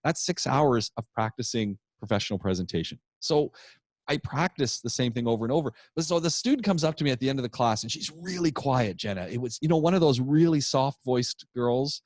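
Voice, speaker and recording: Male podcast co-host, mid-pitched, talkative and animated, restarts often, dry close recording. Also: a little fast, dry recording. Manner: animated, rambling storyteller with many restarts. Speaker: podcast co-host and public speaking teacher. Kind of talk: casual storytelling chat.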